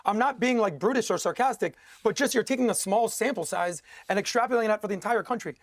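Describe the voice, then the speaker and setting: A man's voice: high voice, fast, dry recording, clean studio sound. A man arguing as a guest in a heated TV debate, combative and sarcastic.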